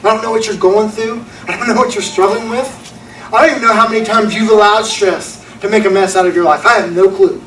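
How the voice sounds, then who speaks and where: A man's voice: high-pitched, steady tone, fast, bright, forceful tone, slight background noise. A young man preaching a sermon, telling a story in an earnest, folksy way. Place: church auditorium. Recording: echoey room from a distance.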